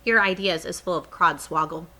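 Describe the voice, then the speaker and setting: A gentle old giant who talks in a folksy, mangled way and stubbornly refuses to budge, as a woman reading a storybook aloud puts him on. The tone stays bright and clear, close to the reader's own voice. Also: on the low side, a little fast. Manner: stubborn, folksy, jumbled grammar.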